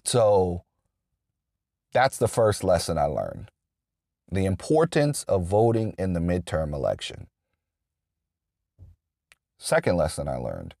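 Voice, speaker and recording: Low-voiced man in a dry, rambling monologue. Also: big pitch swings, takes it slowly, gravelly, pauses often, mellow, no echo. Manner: rambling, restarts often, many fillers. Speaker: political commentator. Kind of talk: unscripted political monologue.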